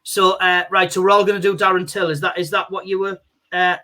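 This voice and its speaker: A male comedian, a guest on a video call, chatting casually in a rambling, animated way full of "you know". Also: high voice, a little fast.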